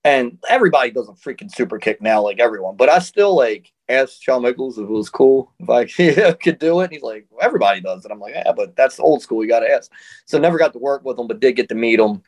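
Casting: relaxed male wrestler, chatty storyteller, easygoing, laughs between stories. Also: mid-range voice, quick pace. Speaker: interview guest, professional wrestler. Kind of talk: casual storytelling.

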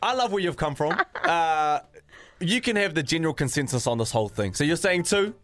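A man hosting a morning radio show, upbeat and quick to laugh along. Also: fairly high pitch, expressive, fairly bright tone, dry recording. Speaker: radio host. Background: music.

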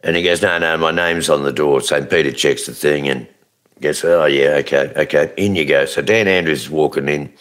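A man's voice: very deep voice, moderate pace, fairly bright tone. A man telling crude jokes on a radio show, acting out the characters in them. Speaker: radio co-host. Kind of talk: casual radio banter and joke telling.

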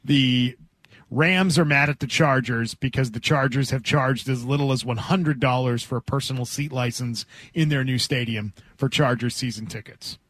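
A man's voice: medium pitch, moderate pace, a bit bright, no room sound. A man hosting a sports talk radio show, reading out quotes and then arguing his point. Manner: reads quotes aloud, then argues a point.

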